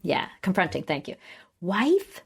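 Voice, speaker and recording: A woman's voice: low voice, normal speed, gravelly. A young adult woman co-hosting a podcast, chatting casually and recapping scenes, often acting out what characters say. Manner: quotes characters in lively voices, chatty, laughs often. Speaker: podcast co-host.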